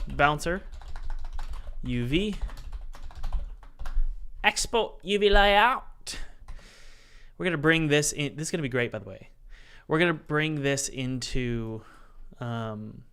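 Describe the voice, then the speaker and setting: A playful man leads a live game development tutorial, narrating each click out loud and tossing questions and jokes to his viewers. His voice is smooth and resonant, at an ordinary middle pitch for a man. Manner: playful, jokey, chats directly with the live chat; talks himself through software steps aloud. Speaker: indie game developer and streamer.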